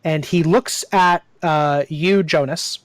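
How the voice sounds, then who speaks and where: A game master narrating a tabletop game at an unhurried pace, pausing and restarting often. The sound is dry and close. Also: mid-range voice, no echo, rough recording. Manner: slow, hesitant narration.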